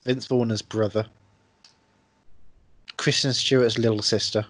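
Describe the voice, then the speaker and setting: A man co-hosting a podcast, chatting casually about films with jokes and quick tangents. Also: on the low side, fairly even intonation, no echo. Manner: enthusiastic, jokey, drifts into tangents. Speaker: podcast co-host. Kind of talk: casual film chat.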